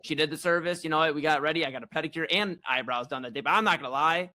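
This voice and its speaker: A young man co-hosting a comedy chat show, telling a story in a rambling, animated, self-mocking way. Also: on the high side, fast talker. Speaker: co-host.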